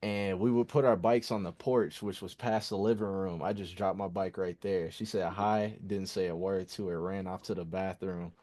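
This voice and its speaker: A young man, a musician guest, telling stories casually in a slangy, animated way. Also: low voice, normal speed, few pauses. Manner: animated, slangy, acts out voices. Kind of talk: casual storytelling in an interview.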